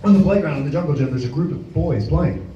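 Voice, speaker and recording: Male stage hypnotist, high voice, dramatic storyteller, taped from afar in a booming hall with crowd laughter. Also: quick pace, far from the mic, highs cut off, a little hiss or hum. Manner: dramatic, animated storytelling with sudden shouts. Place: school event hall with an audience. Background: audience laughter.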